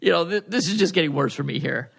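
A man's voice: on the high side, fast talker, gravelly, a bit bright, husky. A man co-hosting a podcast, bantering dryly and poking fun at himself. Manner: dry, self-mocking banter. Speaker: podcast co-host. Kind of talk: casual chat.

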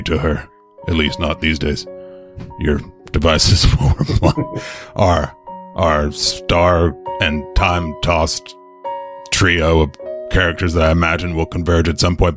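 Guy putting on a super deep slow mock-epic hero voice, flat, music under it. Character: mock-heroic deep movie-trailer man.

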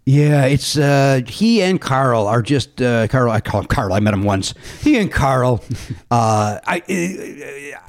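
A man hosting a podcast, telling stories in an excitable, animated way and laughing often. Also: medium pitch, slow. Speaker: podcast host. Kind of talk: casual chat.

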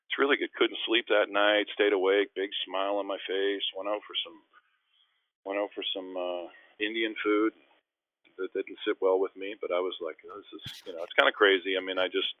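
A middle-aged man from Canada, a former basketball player and guest on a radio show, telling stories in an animated way and acting out the voices of others. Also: low voice, moderate pace. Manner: animated, acts out quoted voices, frequent restarts. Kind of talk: storytelling interview. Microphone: phone call. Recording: phone line.

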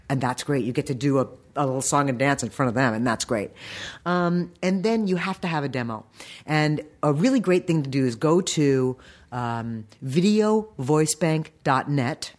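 A middle-aged animation voice director giving emphatic, practical career advice in an interview. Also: medium pitch.

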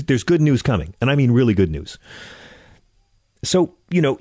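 A man hosting a political talk show, delivering a sarcastic, animated monologue. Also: on the low side, no room sound, clean studio sound. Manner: sarcastic, animated ranting with rising exasperation. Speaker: host.

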